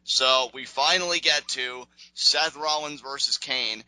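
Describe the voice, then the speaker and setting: A man with a strikingly bright voice hosts a casual podcast recap, rambling along with lots of fillers. He acts out other people's lines as he goes. The sound is dry and close. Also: medium pitch, a little slow, clean tone, no room sound, low-quality recording. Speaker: podcast host recapping wrestling.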